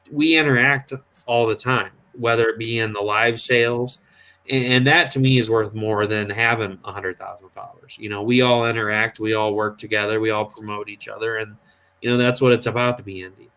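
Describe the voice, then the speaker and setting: A man's voice: fairly low pitch, a bit bright. Rambling man hosting a chat. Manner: rambling storyteller, acts out quoted voices. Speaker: host. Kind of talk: casual chat.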